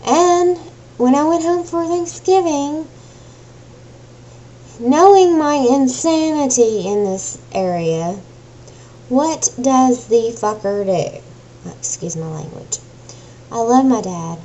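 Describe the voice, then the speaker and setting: Agitated woman ranting, slow speech. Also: fairly high pitch, mellow, a little hiss or hum, poor audio. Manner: agitated, swearing, exasperated venting. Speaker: vlogger. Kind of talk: emotional personal rant to camera.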